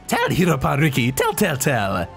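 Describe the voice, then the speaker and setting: A man's voice: on the high side, vocal fry, fairly bright tone, full character voice. A man voicing a small, boastful male creature hero who talks in broken, childlike sentences. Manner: broken childlike speech, bouncy. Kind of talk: reading game dialogue in voices.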